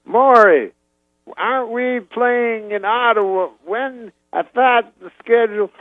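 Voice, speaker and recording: A man's voice: extremely high pitch, slow pace, no echo, pitched above the performer's own voice. A man doing an impression of an older male comedian who talks in short, clipped fragments rather than full sentences. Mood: grand, deliberate. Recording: dull lo-fi audio.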